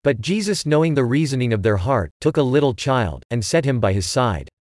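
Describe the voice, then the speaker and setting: A man giving a measured, even reading of scripture. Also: mid-range voice, no room sound, studio quality. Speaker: scripture reader.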